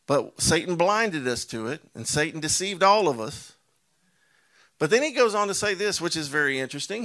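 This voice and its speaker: A man preaching a sermon, drawing out key words slowly for emphasis and asking rhetorical questions, telling stories with animation. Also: on the high side, sharp tone.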